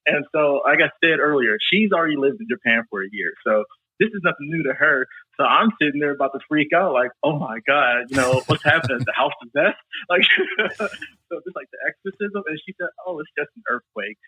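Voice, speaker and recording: A man chatting casually as a podcast guest, telling animated stories and laughing often. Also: fairly high pitch, a little fast, husky, no room sound. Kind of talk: casual chat. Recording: tinny phone-like line.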